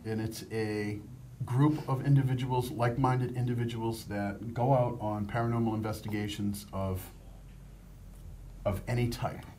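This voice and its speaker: Joking, halting man in a studio. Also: mid-range voice, fairly even intonation, mellow, a little hiss or hum. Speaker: producer and director, studio guest. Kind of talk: casual chat.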